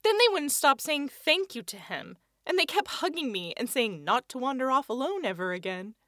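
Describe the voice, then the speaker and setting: A woman's voice: sits high, sing-song, normal speed, bright, forceful tone, no room sound, studio quality. A woman narrating a first-person children's story in an earnest, childlike telling.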